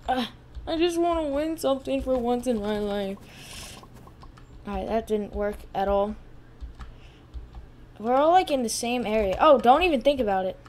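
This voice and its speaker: A woman with a fairly high voice narrates her own gameplay as she plays at her computer. She swings between loud exclamations and quiet muttering to herself, with a faint hum of noise underneath. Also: lively intonation, moderate pace, pauses often. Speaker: channel host. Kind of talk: live gameplay commentary.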